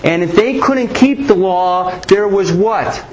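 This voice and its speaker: A man's voice: high voice, slow, a little hiss or hum, poor audio. A man preaching a Bible teaching sermon, asking rhetorical questions and often restarting his sentences.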